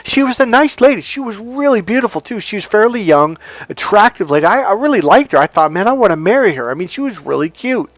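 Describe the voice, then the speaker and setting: A middle-aged man coaching with blunt, profane emphasis, swinging from loud commands to low asides. His voice sits a little high for a man. It sounds dry and close, with no room echo. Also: big pitch swings, brisk. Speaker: dating and relationship coach. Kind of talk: emphatic motivational monologue.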